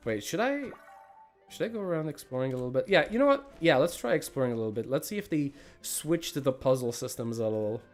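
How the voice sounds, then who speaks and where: A man's voice: medium pitch, expressive, quick pace, hardly any pauses, soft background music. A man giving casual live commentary while playing a game, rambling and self-deprecating as he thinks aloud. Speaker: gaming livestreamer.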